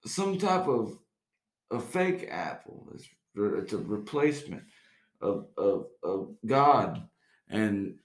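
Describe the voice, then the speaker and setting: A man's voice: on the low side, sing-song, slow pace, reverberant, pitched below the performer's own voice, exaggerated voice. A man doing an impression of a confused old male president, rambling in drifting non sequiturs.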